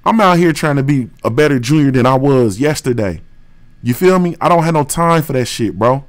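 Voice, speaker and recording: Heated profane boxing show host. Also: male voice, medium pitch, animated, brisk. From West Dayton, Ohio, USA. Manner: heated, profane, repetitive, slangy. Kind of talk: livestream rant.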